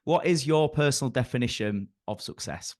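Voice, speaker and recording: A man's voice: medium pitch, animated, moderate pace. A man hosting a podcast, speaking in a frank, effusive way as he thanks his guest. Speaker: podcast host. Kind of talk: casual podcast interview.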